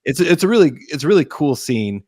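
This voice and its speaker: A man's voice: fairly high pitch, sing-song, fairly quick, a little mellow, no room sound, clean studio sound. A man co-hosting a podcast, talking eagerly and loosely about a film with lots of "like" and restarts. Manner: enthusiastic, rambling, many fillers and restarts. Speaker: podcast co-host. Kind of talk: casual film discussion.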